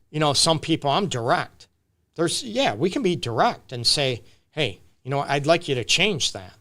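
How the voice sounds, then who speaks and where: A man's voice: fairly high pitch, bright, forceful tone. A man counseling on relationships during a casual live-stream Q&A, talking off the cuff and often checking in with "right?" and "you get me?". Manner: loose, with restarts and fillers, speaking off the cuff.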